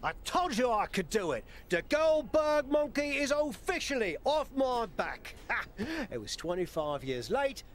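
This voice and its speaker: A cocky veteran wrestler, real high voice that jumps all over, bragging. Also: male voice, sing-song, a little slow, few pauses, a little hiss or hum, heavily acted. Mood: triumphant. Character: gloating veteran male wrestler, older, cocky. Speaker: game character. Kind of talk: video game cutscene dialogue.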